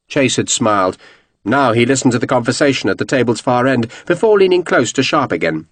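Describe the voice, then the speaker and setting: A man reading a historical novel aloud as audiobook narration, measured and expressive. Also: mid-range voice, dry recording.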